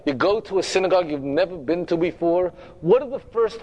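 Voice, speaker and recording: A man's voice: sits high, expressive, fairly quick, warm tone, muffled recording. A man giving an emphatic, humorous sermon-style talk as a rabbi, repeating phrases and asking the audience direct questions.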